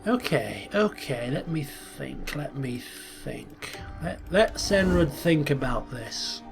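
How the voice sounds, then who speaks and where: Male game host, chatty, thinks aloud, slight higher pitch, faint music bed. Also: sharp tone. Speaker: gaming channel host. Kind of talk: strategy game commentary with role-play asides.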